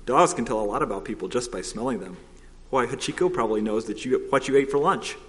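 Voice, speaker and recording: A man voicing a kindly older professor in a storybook, speaking gently and reassuringly. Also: mid-range voice, expressive, fast talker, lightly acted. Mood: gentle. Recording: long hall reverb.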